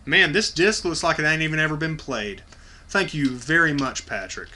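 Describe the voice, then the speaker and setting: Sharp-voiced man swearing casually. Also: on the high side, moderate pace. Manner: blunt, profane, enthusiastic. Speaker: video host. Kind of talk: casual unboxing vlog.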